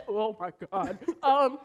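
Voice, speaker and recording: A woman's voice: high-pitched, very slow, muffled recording. A teenage girl acting on a school stage as an exasperated young college woman trying to keep the peace. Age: teens. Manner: exasperated, expressive. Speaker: student actor.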